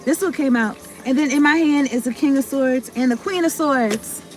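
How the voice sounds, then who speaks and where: A woman's voice: sits high, normal speed, a little mellow, faint music behind. A woman giving a casual tarot reading to her viewers, rambling, cutting herself off mid-thought and talking in slang with some swearing. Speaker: tarot card reader.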